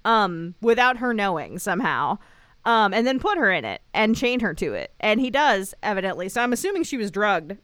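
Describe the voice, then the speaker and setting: A woman's voice: mid-range voice, sing-song, moderate pace, a bit bright, no room sound. A woman co-hosting a casual podcast, wryly recapping a show in a loose, rambling way. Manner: wry, rambling storyteller. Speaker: podcast co-host.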